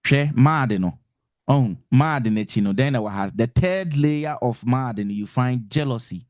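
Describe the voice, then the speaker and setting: A man's voice: medium pitch, lively intonation, measured pace, a little mellow, dry recording, studio quality. A man with a Ghanaian accent giving an informal lecture on emotions to couples, switching between Twi and English and repeating words for emphasis. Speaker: relationship teacher.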